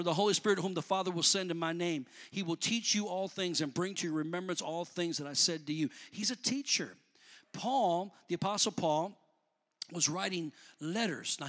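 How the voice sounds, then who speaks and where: Preacher guy, high bright voice, goes from chatty to shouting and back. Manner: builds to shouting, then drops back to conversational; colloquial, calls out to the congregation. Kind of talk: sermon.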